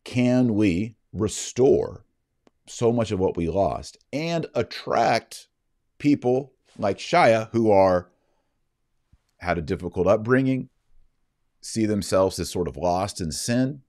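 A male host reading a news story aloud in a brisk, earnest way and adding his own commentary. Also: lowish voice, animated, darkish tone, no room sound, studio quality.

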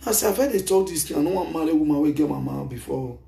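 A middle-aged Nigerian man with a Nigerian accent, giving an emphatic, animated spoken testimony into a handheld microphone, mixing English and Pidgin. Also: on the high side, fast talker, gravelly, echoey room. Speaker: speaker giving a testimony at a gathering.

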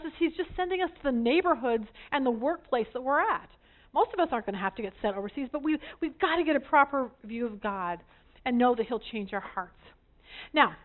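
A woman teaching a women's Bible study group, an animated storyteller with self-deprecating humor. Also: sits high. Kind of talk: lively teaching talk to a group. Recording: tinny phone-like sound.

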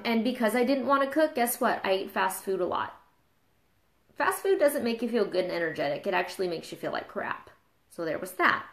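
Candid mom talking in an echoey room. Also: female voice, medium pitch, creaky. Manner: candid, confessional, gets emotional. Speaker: mom and fitness trainer. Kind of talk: casual live video talk.

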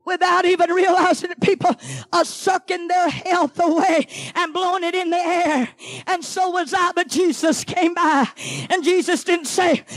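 A middle-aged woman, preaching a fiery sermon in church, shouting, chanting and throwing questions at the congregation. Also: very high-pitched, steady tone, measured pace, no room sound. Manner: shouting, chanting, call-and-response asides. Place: church sanctuary.

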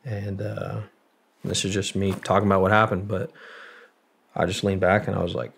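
A man in his twenties, a Marine veteran guest, telling a story in a halting, profane way with many fillers. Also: sits low, expressive, fairly bright tone. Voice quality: gravelly, husky. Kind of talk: casual storytelling.

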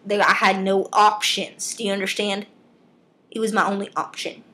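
A woman's voice: mid-range voice, flat delivery, moderate pace, pushed and bright. Exasperated rambling woman vlogger. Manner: rambling and exasperated, trailing off mid-sentence. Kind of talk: comedic vlog rant. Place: filming herself on camera.

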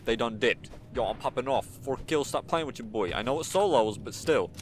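A young man giving excited, slangy commentary while playing a shooter game, swinging from low mutters to sudden yelps. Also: brisk. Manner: hyped, slangy, jumps from mumbling to sudden yelps. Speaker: gaming YouTuber.

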